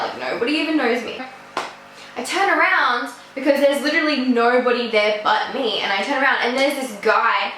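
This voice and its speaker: Teen girl vlogger, high and bright, chatty storytime, echoey room. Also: slight background noise. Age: teens. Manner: chatty, rambling, full of "like". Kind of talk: casual storytime.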